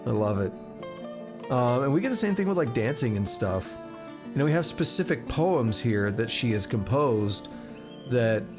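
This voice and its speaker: A man talks live over his game stream in a relaxed, excited way. He reads long blocks of in-game text aloud, trips on tricky words and corrects himself. His voice sits at an ordinary middle pitch, and soft music plays behind him. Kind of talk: casual live-stream gameplay commentary.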